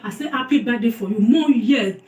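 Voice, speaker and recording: A woman with a Nigerian accent, warmly pouring out repeated birthday blessings in a casual vlog. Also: fairly high pitch, brisk, lo-fi sound. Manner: effusive, repetitive blessings, mixes pidgin with local language. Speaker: food channel vlogger. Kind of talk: casual birthday greeting to camera. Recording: roomy and distant from the mic.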